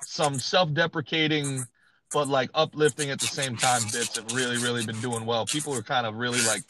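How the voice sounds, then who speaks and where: A man's voice: mid-range voice, moderate pace, background noise. A man from Brooklyn with a New York accent, a comedian hosting a casual podcast chat, emphatic and full of "bro" and "dude". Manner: animated, emphatic, swears, says bro and dude a lot. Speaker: comedian host.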